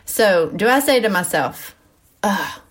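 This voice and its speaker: A woman hosts a casual Christian teaching podcast in her medium-pitched voice. She talks in a chatty, animated way, breaking off into asides and fillers. She is a mother of school-age kids. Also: unhurried. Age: mother of middle schoolers. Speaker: podcast host.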